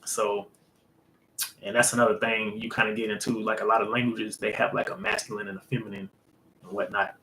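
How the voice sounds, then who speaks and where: A man hosting a casual language lesson, explaining in a loose, rambling way full of fillers and an occasional "boom" to wrap up a point. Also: level tone, brisk, fairly bright tone, a little hiss or hum, low-quality recording. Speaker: host.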